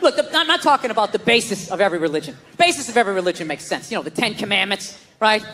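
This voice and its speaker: A man doing a stand-up comedy rant with profane, exasperated delivery and bursts of shouting, on a live stage in front of a loud audience. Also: sits high, sing-song, racing, hardly any pauses, long reverb tail.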